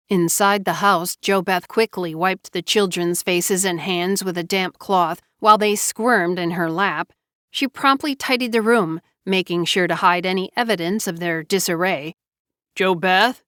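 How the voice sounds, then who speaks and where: A woman narrating a family saga audiobook in a measured storytelling delivery. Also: mid-range voice, a bit bright, no echo, clean studio sound.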